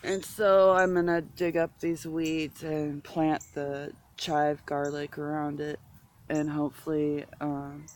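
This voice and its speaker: Slow-talking congested woman vlogger. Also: low-pitched, level tone. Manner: rambling, chatty, self-interrupting. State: stuffy, congested. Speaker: gardening vlogger. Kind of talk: casual chat. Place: outdoor garden.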